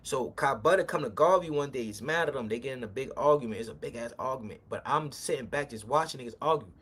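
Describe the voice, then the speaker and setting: A man casually telling a street story, profane and animated, acting out arguments as he goes. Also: medium pitch, fast talker, husky. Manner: animated, profane, acts out confrontations.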